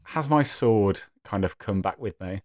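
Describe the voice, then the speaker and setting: A man's voice: lowish voice, lively intonation, unhurried, darkish tone, no room sound, studio quality. A man playing a tabletop game on a podcast, describing his moves in a laid-back way with many fillers. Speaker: player. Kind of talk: tabletop role-play chat.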